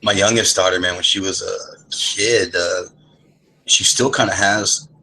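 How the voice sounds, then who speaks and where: A man's voice: deep voice, fairly even intonation, measured pace, pushed and bright, low-quality recording. A man from San Antonio, Texas, talking in a rambling, profane way on an online voice chat and laughing often. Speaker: voice chat regular. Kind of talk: casual profane banter. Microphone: online voice chat mic.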